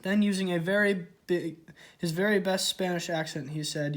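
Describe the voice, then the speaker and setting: A man's voice: high voice, normal speed, fairly bright tone. A man reading a children's storybook aloud, stumbling and correcting himself. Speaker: story reader.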